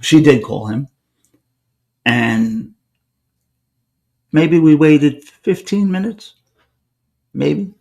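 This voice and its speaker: Brief: gravelly New man, podcast host, spins a story and acts out every line of talk. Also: on the high side. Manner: animated storyteller acting out quoted dialogue. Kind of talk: casual storytelling.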